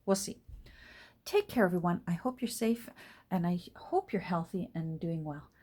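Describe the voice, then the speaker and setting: Middle-aged woman, somewhat low voice, relaxed and chatty, talks to her craft supplies as she works. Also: normal speed. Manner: chatty and rambling, soft asides to her materials. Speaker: junk journal crafter and vlogger. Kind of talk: casual chat while crafting.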